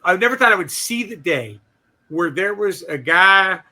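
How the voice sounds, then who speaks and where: Man, podcast co-host, high pitch, profane, animated comedic rant. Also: normal speed. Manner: animated, swears a lot, mimics quoted people. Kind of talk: profane comedic political banter.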